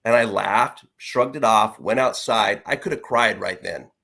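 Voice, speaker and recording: A middle-aged man, an interview guest, telling a personal story in an earnest, reflective way with halting restarts. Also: on the low side, gravelly, bright, forceful tone, husky.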